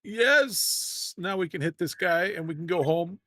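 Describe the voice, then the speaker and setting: A man's voice: on the high side, steady tone, a little fast, very noisy. A man streaming a game live, commenting in a playful, jokey, self-mocking way.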